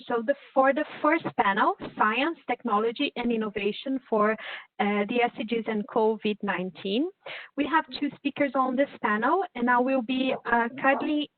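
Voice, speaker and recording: A woman hosts an online panel, inviting speakers politely with many small hesitations. Her voice sits fairly high. The audio is dry and narrow, like a phone call. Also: dry recording. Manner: polite, with frequent fillers and restarts. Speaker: webinar moderator.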